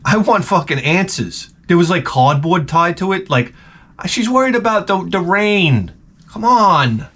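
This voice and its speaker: A man's voice: high voice, lively intonation, unhurried, a bit bright. A man vlogging with the flu, telling a comedic story in an exasperated, rambling, profane way. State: sick with the flu.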